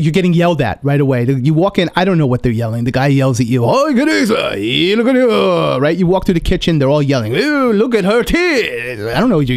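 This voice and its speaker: A man's voice: fairly high pitch, darkish tone, no room sound. Rambling sarcastic comic man, dry sound. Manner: rambling, sarcastic, self-interrupting. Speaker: podcast host. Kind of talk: comic monologue.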